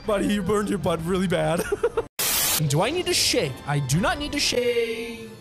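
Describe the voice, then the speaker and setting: A man giving excitable let's play commentary, laughing often and breaking into yelps and shouts. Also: high voice, unhurried. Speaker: gameplay commentator. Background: video game music.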